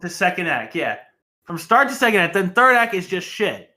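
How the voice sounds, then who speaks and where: A man co-hosting a casual movie podcast. His voice is bright and forward, and his pitch swings widely as he argues playfully. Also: sing-song, normal speed. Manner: playful, argumentative. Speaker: podcast co-host.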